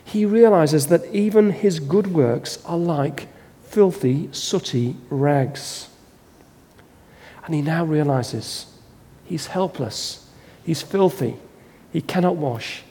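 Slow, dramatic preacher man in a hall. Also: fairly high pitch, warm tone. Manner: slow, dramatic storytelling delivery. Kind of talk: sermon. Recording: long reverb of a large hall.

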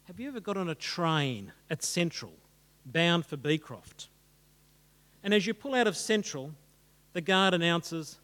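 A man's voice: sits high, very animated, normal speed, a bit bright, long reverb tail. A man preaching a sermon in a dramatic, rhetorical style that builds long lists.

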